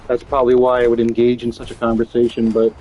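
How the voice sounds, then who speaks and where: A man's voice: medium pitch, a little mellow, slight background noise, poor audio. Rambling man, casual gaming chat. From Canada. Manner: rambling, profane storytelling with many restarts. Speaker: streamer chatting while gaming.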